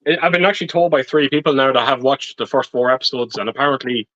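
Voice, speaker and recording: A man's voice: medium pitch, fast talker, a bit bright, no room sound, dull audio. A man on a casual movie livestream, earnestly rambling and restarting his sentences. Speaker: regular panelist on a movie livestream. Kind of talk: casual chat on a live stream.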